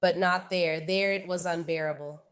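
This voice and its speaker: Chatty and animated, a woman tells her viewers a personal story in a casual way, often turning to speak to them directly. Her voice is fairly low and clear with a resonant tone, at a normal speed.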